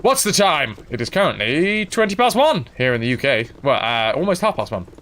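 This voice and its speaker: A man's voice: medium pitch, brisk, slight background noise. Chatty man streaming a game. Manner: chatty, rambling and animated. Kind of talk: casual live-stream commentary.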